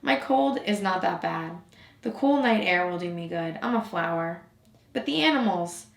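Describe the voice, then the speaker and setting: A woman's voice: lowish voice, expressive, normal speed, vocal fry. A woman voicing a proud, fragile female flower in a storybook reading, speaking tenderly and pleadingly. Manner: tender, pleading, gently scolding. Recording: roomy echo.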